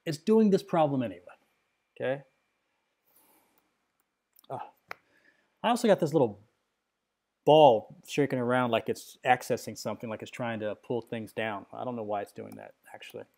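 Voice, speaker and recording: A middle-aged man with a mid-range voice talks through a screen recording of a software crash. He is agitated and rambling, and he keeps checking in with his viewers through fillers and tag questions. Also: mid-range voice, moderate pace, gravelly, pauses often. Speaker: computer user demonstrating a software crash.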